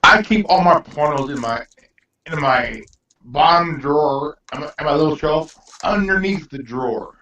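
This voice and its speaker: A man's voice: on the high side, animated, moderate pace, sharp tone, a little hiss or hum. Stammering man, distant echoey lo-fi mic. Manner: rambling, stammering restarts, swears freely. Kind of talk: casual crude chat. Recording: echoey room, distant from mic, dull lo-fi sound.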